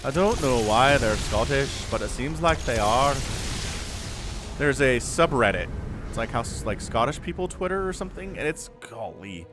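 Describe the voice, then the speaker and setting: A man's voice: mid-range voice, animated, normal speed, over music. A man casting a strategy game match solo, chatty and analytical, often rambling off topic. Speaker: esports caster.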